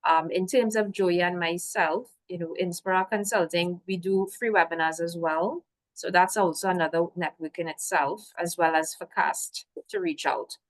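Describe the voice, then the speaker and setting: A woman's voice: on the low side, steady tone, moderate pace. A woman presenting a business workshop over a video call, encouraging and working through a list of points. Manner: encouraging, lists points, frequent "so". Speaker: workshop guest host. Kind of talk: webinar presentation.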